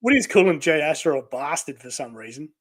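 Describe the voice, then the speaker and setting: A man's voice: on the high side, animated, brisk, a bit bright, no room sound. A man with an Australian accent co-hosting a casual livestream, reading out viewer comments, with many fillers and frequent laughs. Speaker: livestream co-host.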